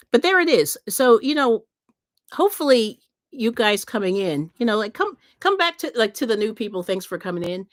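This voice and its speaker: A woman's voice: lowish voice, no echo, studio quality. A woman hosting a livestream, chatting casually with viewers, rambling with many fillers and frequent laughs. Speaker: livestream host.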